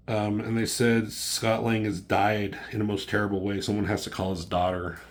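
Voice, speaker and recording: A man casually reviewing a comic book, rambling and swearing, acting out characters' lines in a raised voice. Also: lowish voice. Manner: profane, rambling, acts out dialogue in raised voice.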